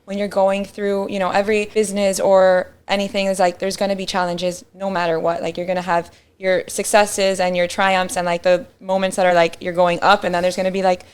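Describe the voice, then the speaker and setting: Host: clear, smooth-voiced woman, casual interviewer, chatty with fillers. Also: mid-range voice, flat delivery. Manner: warm interviewer, filler likes, quick affirmations. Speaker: podcast host.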